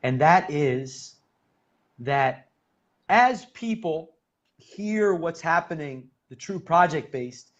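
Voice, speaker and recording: A male interview host talks slowly and emphatically, lingering on words of praise. His voice sits somewhat high, and the sound is dull and lo-fi. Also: animated. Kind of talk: interview conversation. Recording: dull lo-fi audio.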